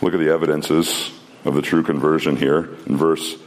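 A man's voice: rumbling low, little pitch movement, normal speed, a little hiss or hum. Earnest man preaching a sermon. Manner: earnest preaching, rhetorical questions, shifting pace. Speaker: pastor.

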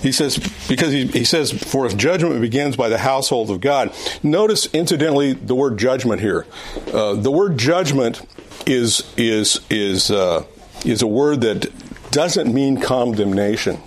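A man's voice: mid-range voice, animated, measured pace, a little hiss or hum. A middle-aged man teaching an adult Sunday school class in a conversational way, often restarting phrases and repeating his points.

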